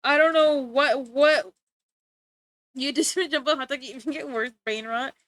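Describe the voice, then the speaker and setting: A woman's voice: high-pitched, moderate pace, fairly bright tone, no room sound. A woman streaming live while she draws, chatting casually and playfully, giggling and making exaggerated complaints.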